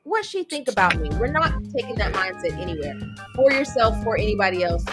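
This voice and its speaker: A woman mental health coach appearing as a podcast guest, speaking in an uplifting, encouraging way straight to her listeners. Clear music plays behind her voice. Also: on the high side, huge pitch swings, fairly quick. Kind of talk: casual chat.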